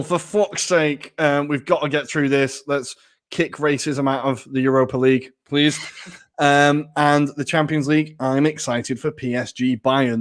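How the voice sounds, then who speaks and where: A man, co-hosting a podcast with excitable, jokey football banter. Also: mid-range voice. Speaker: podcast co-host. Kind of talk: casual football chat.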